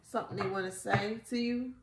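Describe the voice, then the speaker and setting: A woman giving a casual tarot reading, animated and slangy, swearing often and repeating herself. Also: medium pitch, a little fast, reverberant, background noise. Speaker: tarot reader.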